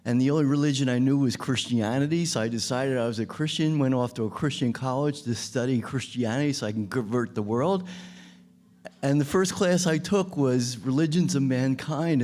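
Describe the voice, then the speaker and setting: A man, a guest musician, telling a personal story before his song in a gentle, earnest, soft-spoken way. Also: medium pitch.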